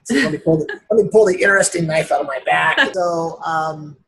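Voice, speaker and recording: A man's voice: on the high side, fairly quick, vocal fry, a bit bright, a little hiss or hum, rough recording. A man being interviewed as an author, telling stories with enthusiasm and acting out other people's lines as he goes. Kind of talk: animated storytelling in a casual interview. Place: remote interview streamed live online.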